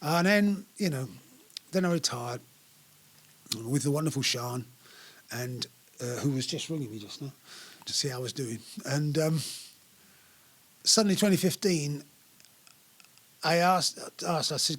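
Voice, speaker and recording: An older musician chats about his career at length, circling back and restarting his sentences as he goes. His speaking voice sits fairly high for a man. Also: measured pace, long pauses, husky. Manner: rambling storyteller with frequent restarts and fillers. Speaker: musician guest. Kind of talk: relaxed interview chat. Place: small live venue.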